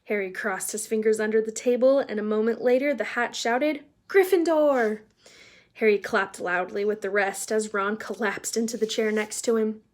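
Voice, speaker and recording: A woman reading a children's novel aloud in a casual, chatty way, pausing to explain words for young listeners. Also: medium pitch, fairly even intonation. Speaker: read-aloud narrator.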